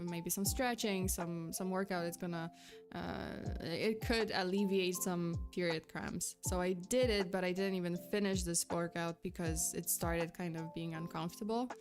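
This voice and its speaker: A young woman streaming as a VTuber, telling a story in casual chat, rambling with many fillers and restarts and slightly out of breath. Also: lowish voice. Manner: chatty, rambling, with frequent fillers and restarts, breaking off to thank chat.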